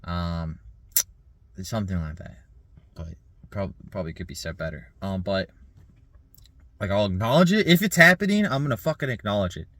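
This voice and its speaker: A man in his thirties rambling in a casual vlog monologue, laughing often, swearing and filling pauses with "like" and "um". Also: low voice, animated, a bit bright, no echo. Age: 30s. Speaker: vlogger.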